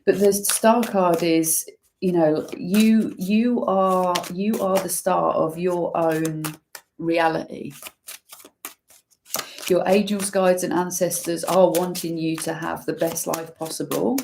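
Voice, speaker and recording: A woman giving an intuitive tarot reading, musing slowly and using many fillers as she talks through the cards. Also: on the low side, fairly even intonation, creaky, a little mellow, a little hiss or hum. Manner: slow, musing, full of fillers. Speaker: tarot reader.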